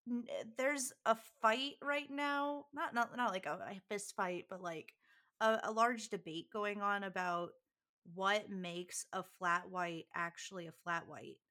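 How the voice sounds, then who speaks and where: A woman's voice: medium pitch, measured pace, sharp tone. A woman co-hosting a podcast, chatting and explaining things with frequent laughs. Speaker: podcast co-host. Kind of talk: casual chat.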